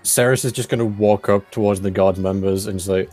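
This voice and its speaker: A man with a fairly low voice describes his tabletop character's moves in loose, filler-packed speech. Soft music runs behind him. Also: fairly even intonation, brisk, hardly any pauses. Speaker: player. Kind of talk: playing a character in a tabletop game.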